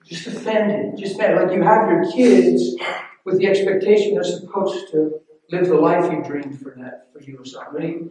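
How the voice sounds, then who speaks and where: A man preaching a sermon, telling a personal story in a hushed voice and rising into loud, emphatic preaching. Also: sits high, fairly even intonation, normal speed. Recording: echoey room, voice from far off.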